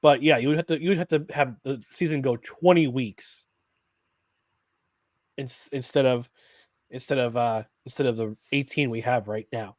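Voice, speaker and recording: A man's voice: medium pitch, normal speed, dry recording. A man co-hosting a live sports talk show, rambling with restarts and reading viewer comments aloud. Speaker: podcast co-host.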